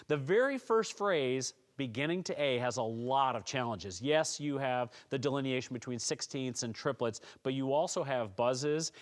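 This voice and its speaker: A man talking through a snare drum tutorial at a steady, mid-range pitch. He explains each point calmly and patiently, encouraging students as he goes. It sounds like a plain teaching session. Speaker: music teacher. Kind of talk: instructional tutorial.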